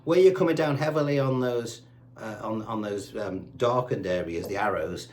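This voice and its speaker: A man's voice: on the low side, normal speed. Man teaching guitar, counting beats. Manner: patient, counts beats aloud while playing. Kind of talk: step-by-step guitar lesson. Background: his own guitar playing.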